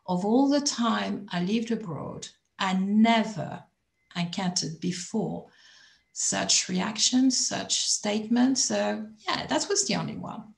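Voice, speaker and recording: A woman from abroad telling a personal story in a calm, measured, reflective way on a video call. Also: medium pitch, creaky, reverberant. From not from England. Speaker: chat panelist.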